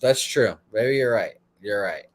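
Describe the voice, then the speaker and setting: A man's voice: lowish voice, animated, a little slow. A man hosting a sports betting show in casual chat, rambling and swearing freely.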